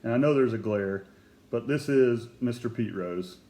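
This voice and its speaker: A man telling autograph stories in casual chat, lively and eager as he describes each piece. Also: mid-range voice, normal speed, echoey room. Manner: animated storyteller who acts out quotes. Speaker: guest collector telling an autograph story.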